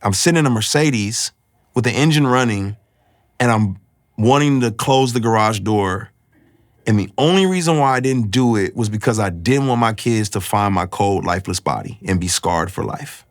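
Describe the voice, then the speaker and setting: A man sharing a personal faith testimony, earnest and confessional, often pausing to find his words. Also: lowish voice, animated.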